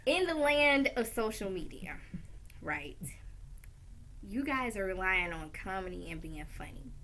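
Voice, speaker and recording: Lively, bright-voiced outspoken woman host. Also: medium pitch, measured pace. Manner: animated, outspoken, swears and laughs often. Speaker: talk show host. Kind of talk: casual chat.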